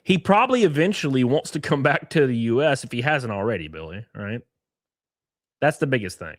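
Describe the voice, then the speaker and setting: Male streamer, 30s, casual and profane, animated pitch, dead-dry recording. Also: brisk, no echo. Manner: blunt, profane, talks straight to chat. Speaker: live-stream host. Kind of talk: casual reaction commentary.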